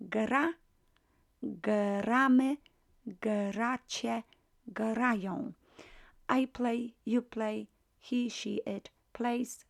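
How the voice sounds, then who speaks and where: A woman's voice: a little high, creaky. A woman teaching a language lesson, patiently repeating and drilling each word form. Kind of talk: slow explanatory lesson.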